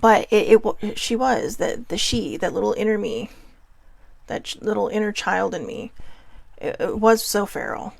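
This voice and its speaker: This is a woman host speaking from the heart about her own past, her voice gravelly and set in a close, dead-sounding space. She talks candidly, circles back, and starts sentences over. Her pitch sits in the middle of the usual range. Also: animated, moderate pace, no room sound. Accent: Hawaiian. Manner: candid, emotional, many restarts and asides. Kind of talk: personal reflective monologue.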